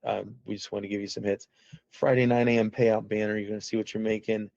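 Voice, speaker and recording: Low-voiced rambling man on a call. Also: flat delivery, fast, gravelly, darkish tone, no room sound, lo-fi sound. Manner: rambling, folksy, self-interrupting. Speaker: app founder. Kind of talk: casual screen-share walkthrough.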